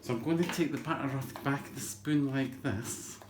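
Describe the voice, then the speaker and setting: Recorded in an echoey home kitchen full of clattering dishes and background noise, this man talks through a recipe for his cooking show. He speaks briskly at a medium pitch, keeping up a cheeky, self-deprecating, meandering patter throughout the chatty demonstration.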